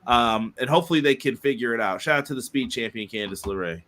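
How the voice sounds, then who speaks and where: A man's voice: medium pitch, quick pace, a bit bright, slight background noise. A man co-hosting a casual podcast, chatting loosely and reading viewer comments aloud. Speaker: podcast co-host.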